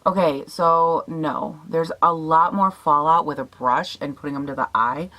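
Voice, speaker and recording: A young woman with a raspy morning voice, chatting casually as she tests makeup, swearing now and then and laughing at herself. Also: sits low, measured pace, a bit bright. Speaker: beauty vlogger. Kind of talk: casual makeup tutorial chat.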